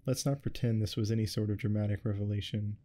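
A man's voice: lowish voice, little pitch movement, fast talker, mellow, natural voice. A man reading a smug cool dude. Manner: dismissive, smug. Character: cocky laid-back cool young man. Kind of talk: soft-spoken ASMR reading.

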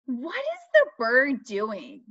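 Woman, children's lesson, very lively pitch, slow emphatic questions, lo-fi dry sound. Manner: slow, sing-song questioning with emphatic repeated words. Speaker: children's speech and language teacher. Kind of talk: teaching young children a lesson. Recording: dull lo-fi dry recording.

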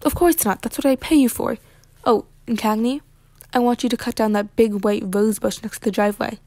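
A woman's voice: on the high side, flat delivery, brisk, a little mellow, no room sound, lightly acted. A woman voicing a snooty, impatient rich woman who owns a grand garden, speaking sharply. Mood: imperious.

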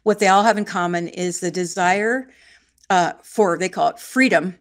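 A woman's voice: lowish voice, moderate pace. A woman in her sixties from Northern California, an interview guest talking in an emphatic, wry way and repeating phrases for stress. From Shasta County, California. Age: 60s. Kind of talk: conversational interview.

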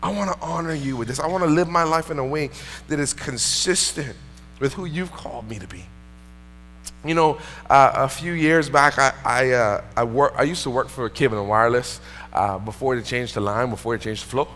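A man's voice: medium pitch, brisk, a bit bright, a little hiss or hum. A male pastor preaching a sermon in a church, telling a personal story in an earnest, conversational way. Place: church sanctuary. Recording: long reverb in a church hall.

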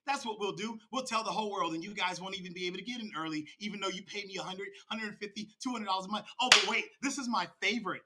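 A man with a high, bright, hoarse voice rants on his own livestream. He is high-strung and mocking, firing jabs straight at a rival. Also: fast, few pauses. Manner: mocking, confrontational. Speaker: crypto livestream host. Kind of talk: livestream rant.

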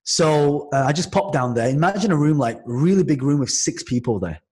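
Animated man from Manchester, slightly high voice. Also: a little fast. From Manchester, England. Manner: lively, with frequent restarts and acted-out quotes. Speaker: podcast guest, entrepreneur. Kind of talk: animated storytelling in casual conversation.

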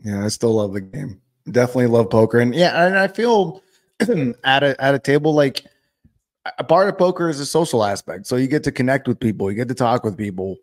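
A man's voice: medium pitch, brisk. A man hosting a podcast, telling a card-table story in loose, profane casual chat that is full of laughter. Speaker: podcast host.

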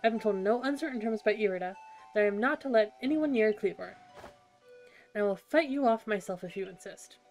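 A woman's voice: mid-range voice, a little fast, a little mellow, lightly acted. A woman voicing a boastful young boy warden in a game, grandiose and self-assured, over game music. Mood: stern. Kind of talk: reading game dialogue aloud.

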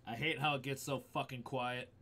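A man's voice: medium pitch, steady tone, moderate pace, sharp tone, slight background noise. A man streaming a horror game live, swearing freely, startling easily and talking back to his chat. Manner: profane, jumpy, talks back to chat. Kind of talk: live gaming stream commentary. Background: game music.

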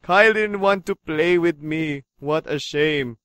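A man voicing a sinister demonic hedgehog from a horror game, speaking low and hushed over loud game music. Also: unhurried, clear, resonant tone, no echo. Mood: menacing. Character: sinister demonic male hedgehog taunting the player.

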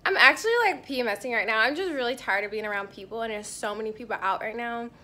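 A woman's voice: on the high side, quick pace, bright, forceful tone, slight background noise. A woman vlogging her trip, talking casually to the camera and tasting food as she goes. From not from Hawaii. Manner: chatty and candid, tasting food between remarks. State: irritated and tired. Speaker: travel vlogger. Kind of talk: casual vlog talk to camera. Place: indoors, hotel room and on the go.

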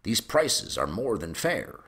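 A man's voice: on the low side, big pitch swings, slow, fairly bright tone, breathy edge, voice pushed up, full character voice. A man voicing a fat lord who speaks in a doubtful, grudging way.

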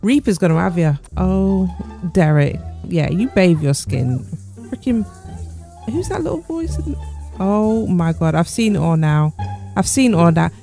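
A woman's voice: fairly low pitch, big pitch swings, measured pace, dark tone, faint music behind. A woman giving amused, chatty commentary over her game as channel host. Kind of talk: gameplay commentary.

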